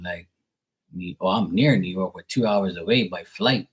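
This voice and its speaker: A man with a deep, slightly rough voice talks at a moderate pace while reading tarot on a live stream. He rambles through casual chat, swears freely, laughs often, and mimics how other people talk.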